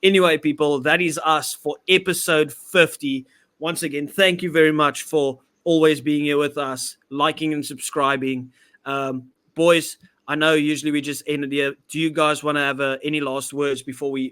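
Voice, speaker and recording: A man's voice: on the high side, little pitch movement, moderate pace, fairly bright tone. A man with a South African accent hosting a casual rugby podcast, upbeat as he signs off the show. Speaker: podcast host. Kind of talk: casual chat.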